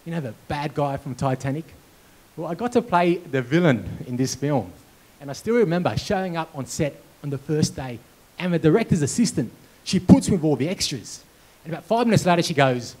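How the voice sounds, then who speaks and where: The recording is rough as a man with a slightly high voice, speaking a little fast, presents a motivational keynote at a conference hall. He's an animated storyteller, weaving personal stories with well-placed comic beats.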